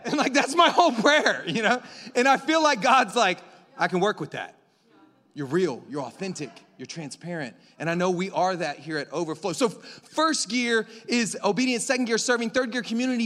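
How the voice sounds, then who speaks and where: A man preaching a sermon as pastor, conversational and animated, joking and acting out voices. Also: high voice. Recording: long hall reverb.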